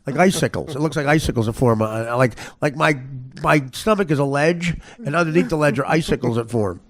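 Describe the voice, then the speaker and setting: Hosting a podcast, a man spins crude, comedic tales in a rambling, stammering style, cracking himself up along the way. His voice is on the high side and his delivery brisk.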